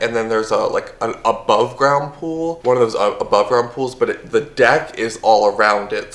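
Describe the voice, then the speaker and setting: A man's voice: mid-range voice, reverberant. A young man telling a story to camera in a chatty, casual way, full of fillers and swearing. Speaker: vlogger.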